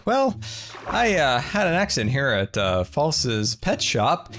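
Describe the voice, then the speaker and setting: A man hosting a casual gameplay video, thinking aloud and squealing high in panic when things go wrong. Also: big pitch swings, unhurried, fairly bright tone, slight background noise. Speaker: Minecraft let's play host.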